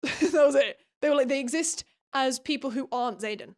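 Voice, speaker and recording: A woman's voice: sits high, a little fast. Sarcastic, giggly British woman. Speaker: book recap youtuber. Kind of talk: casual commentary.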